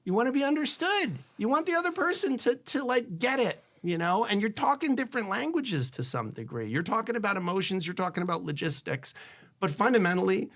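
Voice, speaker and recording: A man, a divorce attorney, giving candid marriage advice in a conversational way. He acts out both spouses' lines, and he goes soft and hushed when he shares a personal story. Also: sits high, sing-song, fairly quick.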